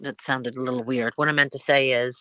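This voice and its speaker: A woman's voice: a bass voice, fairly even intonation, fairly quick, pushed and bright, dry recording. A middle-aged woman hosting a live stream in casual chat, rambling from one thing to the next and laughing often.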